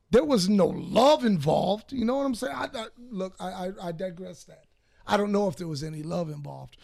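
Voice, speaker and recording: A man from Detroit with a Detroit accent, hosting a podcast and telling profane, animated stories in a casual way. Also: sits high, gravelly. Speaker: podcast host. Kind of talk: casual storytelling.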